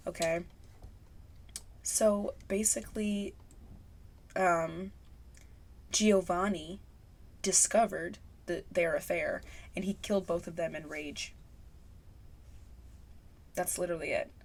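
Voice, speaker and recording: A young adult woman vlogging in a casual, emotional monologue, gushing and close to tears at times. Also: lowish voice. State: teary.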